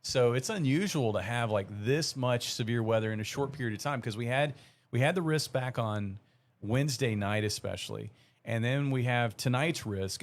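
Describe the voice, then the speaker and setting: A man working as a meteorologist on a live weather broadcast. He explains the seasonal outlook in a rambling, relaxed way, with plenty of fillers. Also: mid-range voice.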